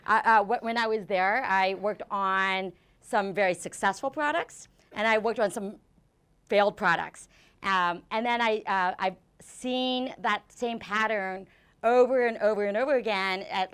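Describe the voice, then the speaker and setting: A woman in her forties giving a live conference talk, talking fast with lots of fillers and restarts. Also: mid-range voice, fairly bright tone, clear, resonant tone. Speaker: conference speaker. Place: conference venue before an audience.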